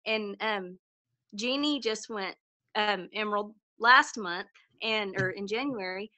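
A woman's voice: mid-range voice, slow pace, sharp tone, dry recording, low-quality recording. A woman telling her story on a conference call, chatty and self-deprecating, rambling with ums. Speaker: newly promoted team member sharing her story.

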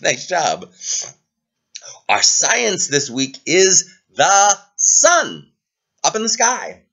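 A male preschool teacher leading circle time over a webcam, his voice fairly high and bouncing up and down as he talks slowly and playfully to little kids. The sound is dull and lo-fi. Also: very animated. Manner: gentle, playful, sing-song talk to small kids. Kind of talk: circle time lesson for young children. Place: indoors, away from the classroom. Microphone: computer webcam.

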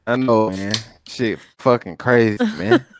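A man's voice: mid-range voice, very animated, unhurried, creaky, a little hiss or hum. A man co-hosting a reaction stream, talking in laid-back slang and swearing in casual chat.

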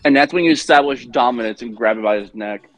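Male co-host, mid-pitched, blunt and opinionated, casual cursing banter. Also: fast talker, soft background music. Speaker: co-host chatting during a game stream. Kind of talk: casual group chat.

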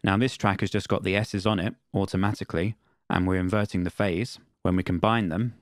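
A man teaching music production in a screen-recorded software tutorial, explaining in a plain, matter-of-fact way. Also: deep voice, steady tone, fairly quick.

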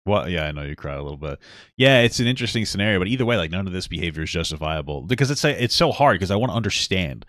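Very low-voiced joking young man. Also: big pitch swings, rapid-fire, a bit bright, no room sound, studio quality. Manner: joking, rambling, frequent laughs and restarts. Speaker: co-host of a reaction podcast. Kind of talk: casual reaction chat.

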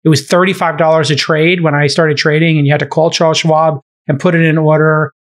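A middle-aged man with a slightly higher voice hosts a podcast. He tells stories in casual chat, animated and often breaking into laughter. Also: a little fast. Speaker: podcast host.

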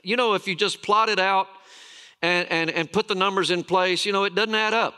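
Bright-voiced man preaching. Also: high-pitched, fairly even intonation, clear, resonant tone. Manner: storytelling preacher, dramatic pauses and emphatic repetition. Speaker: lead pastor. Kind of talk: sermon.

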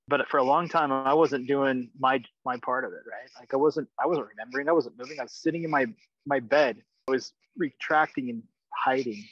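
A man calling into a coaching session, telling a personal story in a casual, excited way and swearing freely. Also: mid-range voice, no room sound, lo-fi sound. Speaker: caller on a coaching call. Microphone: online call.

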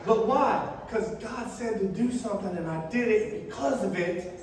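A man from Florida preaches a sermon in a church, with a fairly high voice. He tells stories in a loose, conversational way with touches of humor. The sound is heavily echoey and comes from some distance off the mic. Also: normal speed, darkish tone. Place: church sanctuary. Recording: echoey hall, voice far from mic, faint noise.

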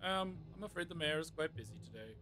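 A man's voice: a little high, lively intonation, quick pace, bright, forceful tone, voice pushed up. A man doing a prim robot butler clerk. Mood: prim, formal. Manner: stiffly formal, repeats "sir" and "ma'am". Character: polite male robot civil service clerk. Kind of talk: reading a game text log aloud in voices. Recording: game music playing underneath.

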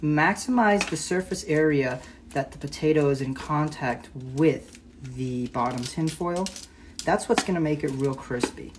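Low-voiced woman rambling through a kitchen livestream. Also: unhurried, noisy background. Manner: chatty and rambling, self-correcting. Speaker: home cook hosting a live stream. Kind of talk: casual cooking livestream. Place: home kitchen.

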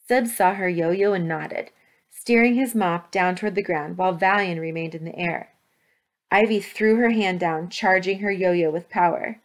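A woman teacher reading a children's novel aloud with steady, expressive storytelling. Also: on the low side, normal speed. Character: brave young girl heroine. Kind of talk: children's book read-aloud.

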